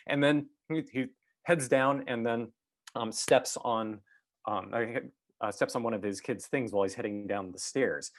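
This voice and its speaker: A man speaking in a reflective, exploratory way as a guest speaker. His voice sits a little low. He pauses, restarts and fills gaps with small hesitations as he thinks aloud. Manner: thoughtful, halting, with many fillers and restarts. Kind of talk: reflective talk.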